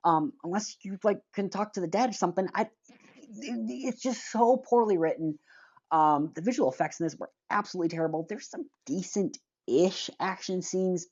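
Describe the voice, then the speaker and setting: A woman's voice: fairly low pitch, moderate pace, darkish tone, dull audio. A woman giving a casual movie review, blunt and rambling, sighing and groping for names.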